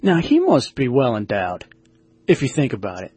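A man's voice: medium pitch, huge pitch swings, normal speed, darkish tone, breathy edge, no room sound. A man hosting a talk radio show, joking crudely in casual banter and sometimes laughing at his own lines.

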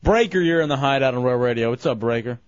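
A man hosting a call-in radio show, telling stories in an animated way. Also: medium pitch, fast talker, a little hiss or hum. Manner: animated, storytelling. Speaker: radio host. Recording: dull lo-fi radio broadcast.

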